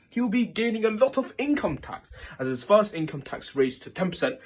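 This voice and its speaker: A man hosting a parody news show, reading stories in a deadpan style and stumbling over his words. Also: fairly high pitch. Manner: deadpan, stumbling mock-newsreader delivery. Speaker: host.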